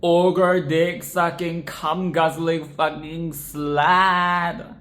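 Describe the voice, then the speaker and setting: A woman voicing bitter enchanted furniture that mutters insults slowly and spitefully. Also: on the low side, flat delivery, a bit bright.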